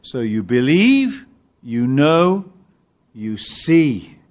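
Male preacher, sermon delivery, animated, emphatic peaks, halting restarts, lively intonation. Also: mid-range voice. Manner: halting restarts while finding words.

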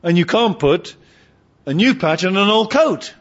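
A man quoting Jesus, calm and low. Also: measured pace, lo-fi sound. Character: Jesus, calm male teacher giving a parable.

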